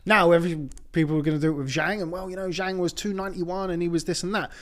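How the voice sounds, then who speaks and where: Brief: man, boxing panelist, high voice, rapid analytical talk. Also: fairly even intonation. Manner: analytical, long run-on points. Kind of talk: casual panel chat.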